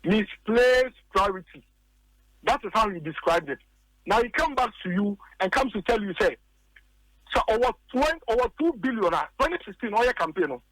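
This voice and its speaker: A man's voice: sits high, sing-song, a little fast, a bit bright, dry recording, low-quality recording. A man with a Ghanaian accent, a political commentator arguing emphatically on a radio talk show and hammering his points by repeating them.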